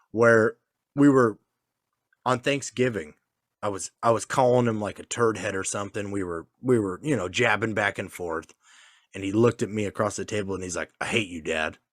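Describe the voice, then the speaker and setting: A man's voice: fairly low pitch, moderate pace, fairly bright tone, dry recording, studio quality. A man in casual chat, a father telling crude stories with swearing and laughs. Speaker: podcast co-host, father.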